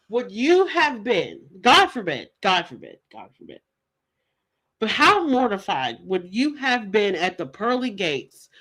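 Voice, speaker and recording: A woman's voice: a little high, fairly bright tone, poor audio. A woman streamer giving sassy, teasing casual commentary. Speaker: livestream commentator.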